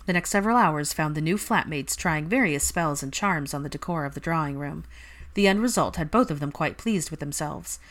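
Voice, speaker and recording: A woman reading fan fiction aloud in a steady, calm narration. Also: low voice, fairly quick. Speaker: reader.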